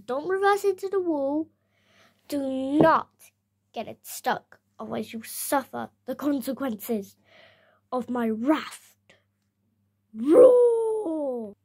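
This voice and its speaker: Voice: high-pitched, lively intonation, a little slow, creaky, exaggerated voice. A child voicing a bossy, short-tempered toy fox who scolds a friend in a plush toy video. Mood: threatening. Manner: bossy, scolding, mock-threatening. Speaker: puppeteer voicing plush toys.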